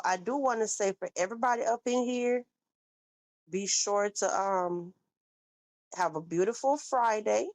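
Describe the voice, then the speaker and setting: A woman hosts a casual livestream, reading comments from chat in a chatty, animated way and calling viewers baby. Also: a little high, no room sound, poor audio.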